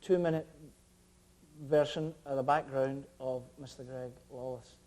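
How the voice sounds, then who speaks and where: A man's voice: medium pitch, fairly even intonation, unhurried, a little mellow. A man hosting a casual interview with a jokey, teasing manner. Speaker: host.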